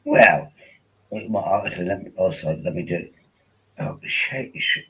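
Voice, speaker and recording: Man, deep, raspy, tipsy livestream host, rambling, joking. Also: animated, a little slow, pushed and bright, low-quality recording. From England. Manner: rambling, joking, repeats himself. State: tipsy on wine. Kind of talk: casual livestream chat.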